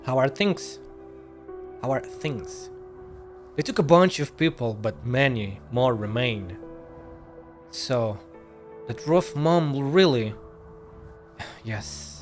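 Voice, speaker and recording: A man's voice: medium pitch, animated, takes it slowly, pauses often, soft background music. A male streamer reading game dialogue aloud, stumbling over words and correcting himself as he goes.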